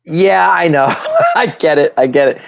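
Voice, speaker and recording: A man co-hosting a casual sports talk show, laid-back and quick to laugh. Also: fairly high pitch, huge pitch swings, gravelly, dry recording. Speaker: co-host. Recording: dull, dry lo-fi audio.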